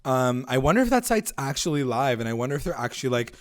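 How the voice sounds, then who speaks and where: Male podcast co-host, casual and profane, mid-range voice, animated quoting of characters. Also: medium pitch, fast. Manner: loose, profane, acts out characters' lines. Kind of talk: casual recap chat.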